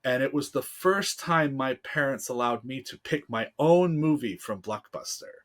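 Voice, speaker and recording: A man's voice: mid-range voice, lively intonation, normal speed. A podcast guest in his thirties with a man's voice, from the United States, telling a personal story in casual interview chat, heartfelt and full of fillers. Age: 30s.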